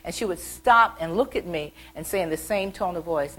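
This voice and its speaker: A middle-aged woman from the American South, an author telling animated stories about her childhood at a library event. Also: lowish voice, normal speed, slight background noise, poor audio. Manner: chatty, animated, acts out childhood quotes. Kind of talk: storytelling talk.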